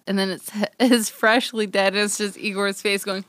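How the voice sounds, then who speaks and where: A woman's voice: mid-range voice, fairly even intonation, moderate pace, few pauses, fairly bright tone, a little hiss or hum. A young woman guest on a podcast who chats playfully about a film, teasing the host and laughing often. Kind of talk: casual film chat.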